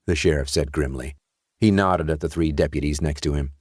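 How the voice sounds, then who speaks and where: Deep-voiced man narrating a horror story. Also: darkish tone, dry recording, studio quality. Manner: measured storytelling delivery. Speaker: audiobook narrator. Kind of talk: scripted narration.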